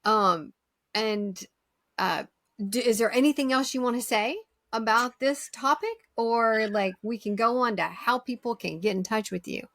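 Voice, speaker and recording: A woman's voice: fairly high pitch, measured pace, fairly bright tone, dry recording. Woman, podcast host, enthusiastic, casual chat, repeats herself, dry close sound.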